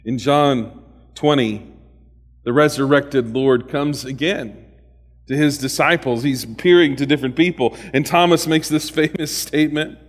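A man preaching a sermon as a pastor, animated and humorous, with sudden loud bursts and soft asides. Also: medium pitch, measured pace, long reverb tail.

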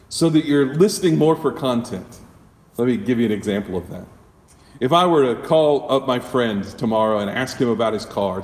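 A man's voice: medium pitch, darkish tone. A man preaching a sermon as a pastor, conversational, with rhetorical questions and frequent self-corrections. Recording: echoey hall, mic at a distance.

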